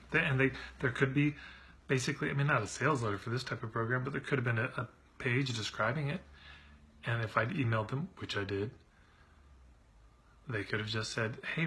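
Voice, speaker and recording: A man's voice: mid-range voice, sharp tone. A middle-aged man who coaches on marketing, venting in a casual monologue, frustrated and exasperated, repeating himself when he gets worked up.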